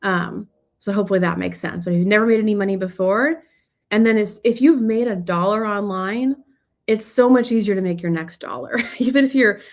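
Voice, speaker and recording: A woman's voice: medium pitch, brisk. A woman business coach answering audience questions on a live stream, talking in a loose, conversational way with frequent restarts.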